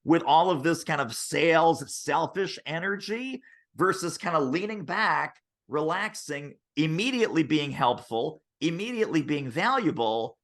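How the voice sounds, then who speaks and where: A man's voice: fairly high pitch, a little slow. A man being interviewed over a video call as a sales author, telling stories and acting out quotes. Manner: animated, acts out quotes. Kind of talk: interview guest, storytelling.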